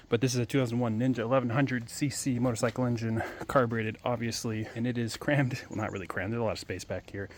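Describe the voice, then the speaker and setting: A man hosting a garage vlog in a casual, excited way, slightly out of breath, outdoors in a driveway. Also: medium pitch, fast, hardly any pauses. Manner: excited, chatty. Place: outdoor driveway and inside a small truck. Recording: loud engine noise behind. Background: loud motorcycle engine.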